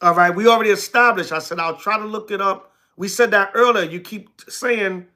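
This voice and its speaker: A man teaching scripture on a livestream. He reads verses slowly and carefully, then breaks off to answer commenters bluntly, repeating himself and calling them "brother". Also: high-pitched, bright, forceful tone. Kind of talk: sermon mixed with casual replies to live chat.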